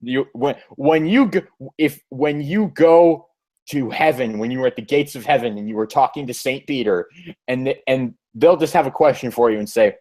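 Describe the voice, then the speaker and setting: A man's voice: mid-range voice, normal speed, a little mellow. A man hosting a podcast, chatting casually and rambling, with frequent restarts and self-deprecating asides. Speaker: podcast host.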